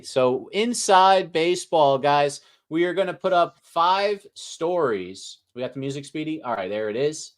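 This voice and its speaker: A man hosting a casual sports talk show, playful and hyped, with mock-grand praise. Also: medium pitch. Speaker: host.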